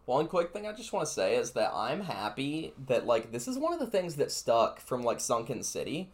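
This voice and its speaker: A man's voice: medium pitch, moderate pace. A man co-hosting a podcast, rating cards in casual, rambling chat with lots of fillers. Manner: rambling, filler-heavy, excited. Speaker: podcast co-host. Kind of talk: casual card-review chat.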